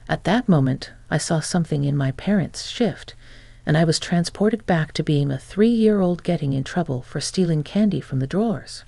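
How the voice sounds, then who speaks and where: Gravelly woman reading a dramatic story. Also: sits low, normal speed, no room sound. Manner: expressive, acts out dialogue. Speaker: story narrator.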